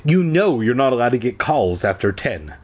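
A man's voice: mid-range voice, very animated, normal speed. A man voicing a stern father who growls and demands answers. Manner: gruff, demanding. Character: stern, grumpy father at midnight.

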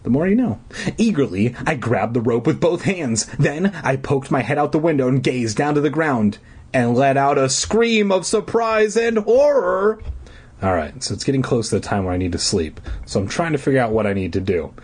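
A man's voice: medium pitch, lively intonation, a little fast, a little mellow, husky. A man reading a horror book aloud for laughs, breaking off into snarky, profane asides. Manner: snarky asides, swearing, mock drama. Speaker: comedic reader.

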